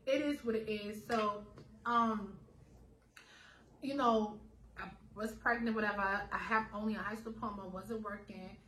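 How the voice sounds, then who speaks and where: A young adult woman telling her own story in a casual, animated way, full of fillers and acted-out dialogue. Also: mid-range voice, unhurried, slight background noise. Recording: roomy echo, faint ambience.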